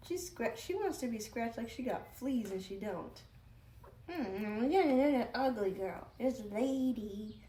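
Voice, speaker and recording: A woman's voice: a little high, expressive, unhurried, dark tone, echoey room, recorded from a distance. A tired woman streaming live, chatting casually and cooing baby talk at her pet.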